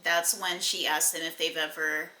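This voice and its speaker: A woman's voice: sits low, flat delivery, normal speed, sharp tone, echoey room, poor audio. A woman giving a casual, chatty recap and review of a TV episode, full of fillers and blunt asides. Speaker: TV recap vlogger.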